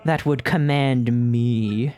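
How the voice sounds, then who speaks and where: A man voicing an imperious ancient female demon queen, slow and commanding. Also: medium pitch, fairly even intonation, darkish tone, faint music behind, lightly acted.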